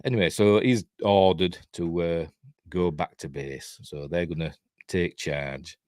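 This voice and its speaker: A man's voice: deep voice, fairly even intonation, measured pace, a little mellow, dry recording, clean studio sound. An older man with a Yorkshire accent giving a casual, rambling watch-along review, chuckling often. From Yorkshire, England. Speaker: reviewer and channel host.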